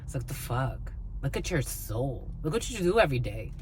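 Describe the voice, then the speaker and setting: A woman's voice: rumbling low, very animated, moderate pace, darkish tone, slight background noise. A woman giving a blunt, profane tarot reading to her viewers, scolding and swearing freely. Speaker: tarot reader. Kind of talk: spiritual reading monologue.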